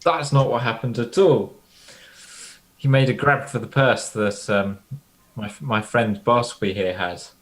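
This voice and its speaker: A man's voice: mid-range voice, a little slow. A man speaking as a player in a tabletop game, matter-of-fact.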